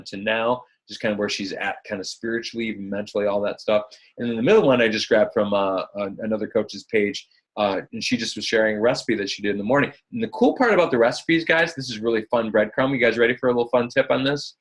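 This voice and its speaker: A man with a slightly husky voice running a live online coaching session. He talks in an upbeat, chatty way and keeps calling his listeners guys. He sounds like he is on a computer mic during a screen-shared video call. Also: mid-range voice. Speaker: fitness business coach.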